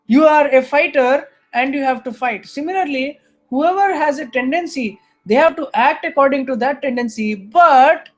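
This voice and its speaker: A high-voiced man teaches scripture through lively stories. He acts out the characters as he goes, and his delivery shifts easily between telling and playing. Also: moderate pace. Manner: animated storyteller, acts out characters. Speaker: spiritual teacher.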